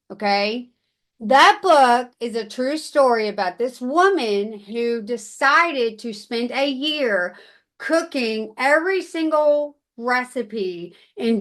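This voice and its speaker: A woman hosting a podcast who tells stories in an excitable, animated way. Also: a little high. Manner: excitable, animated storytelling with big quoted outbursts. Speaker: podcast host. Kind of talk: casual chat.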